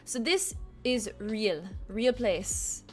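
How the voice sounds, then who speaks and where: A woman's voice: on the high side, expressive, extremely slow, faint music behind. A woman chatting as a guest, bubbly and eager, tossing in foreign phrases. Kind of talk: casual video-call chat.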